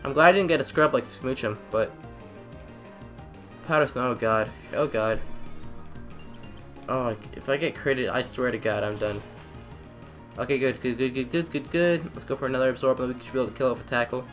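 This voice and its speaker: A young man giving excitable let's-play commentary, trash-talking the game and repeating phrases in quick bursts. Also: medium pitch, faint music behind. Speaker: gamer.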